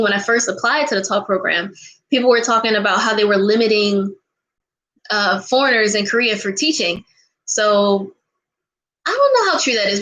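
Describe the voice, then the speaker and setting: A woman's voice: fairly high pitch, a bit bright, low-quality recording. A young woman vlogger chatting casually and answering viewer questions, bubbly and giggly, gushing, humming and singing snatches of songs. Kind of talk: casual chat.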